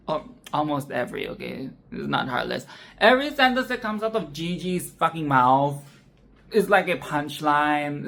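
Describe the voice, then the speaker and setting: A sassy, foul-mouthed film commentator talking off the cuff. The speech rambles and restarts, with frequent laughs, and keeps tagging lines with "okay?". The pitch sits in a middle range. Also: a bit bright. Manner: sassy, profane, tags "okay?" onto lines. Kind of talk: casual film commentary monologue.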